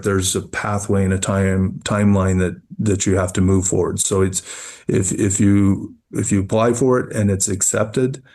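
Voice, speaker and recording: Man, mining CEO type, deep and even-toned, halting, repeats himself. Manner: measured, repeats words while thinking. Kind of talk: business interview answers.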